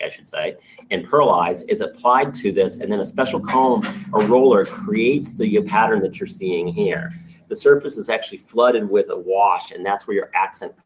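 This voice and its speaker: Low-voiced man pitching products to a team. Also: fairly bright tone, slight background noise. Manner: upbeat, talks through product specs with small restarts. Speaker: sales manager presenting new products to his team. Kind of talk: business meeting presentation.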